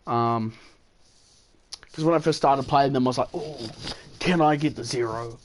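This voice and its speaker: A man's voice: medium pitch, moderate pace, a little hiss or hum. Tired, rambling New man gaming. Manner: rambling and enthusiastic, playful asides. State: tired, yawning. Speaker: gaming video host. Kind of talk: casual gameplay commentary.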